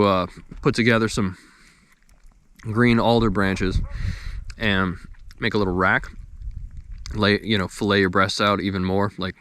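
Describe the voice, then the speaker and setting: A man's voice: lowish voice, fairly bright tone. A young man in casual talk to the camera outdoors by a campfire, easygoing and rambling, chewing as he talks. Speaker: outdoors vlogger.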